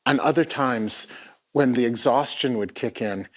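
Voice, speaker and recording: On stage at a live arts festival, a middle-aged man tells a personal story, reflective and halting, often repeating words while he searches for them. His voice is medium-pitched.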